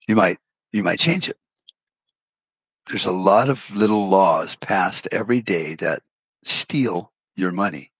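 Deep, husky man ranting bluntly. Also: animated, moderate pace, a bit bright, no room sound, rough recording. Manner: blunt, swears freely, folksy analogies. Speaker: podcast host. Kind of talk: profane political rant.

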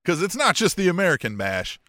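A man's voice: high-pitched, very animated, fairly quick, sharp tone, no echo, clean studio sound. A man co-hosting a casual wrestling podcast, reading out wrestling history with jokey, playful asides. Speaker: podcast co-host.

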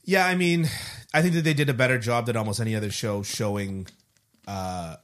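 A man's voice: medium pitch, a bit bright. A man co-hosting a hockey podcast, chatty and joking in easy conversation. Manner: chatty, joking, quick to laugh. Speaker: podcast co-host. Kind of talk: casual podcast chat.

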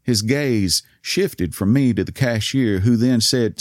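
A man with an East Texas accent telling a story in a soft voice whose words slur, courtly and wry. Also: mid-range voice, slow pace, hardly any pauses, dry recording, studio quality. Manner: courtly, old-fashioned and wry. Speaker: podcast host. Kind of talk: storytelling monologue.

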